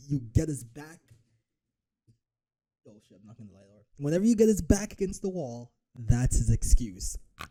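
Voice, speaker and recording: A man talking over a clip on his stream, his voice deep-toned and mellow. He swears freely and stays animated. He breaks into mocking impressions of the people on screen. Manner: profane, animated, mocks with impressions. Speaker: reaction streamer. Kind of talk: live reaction commentary.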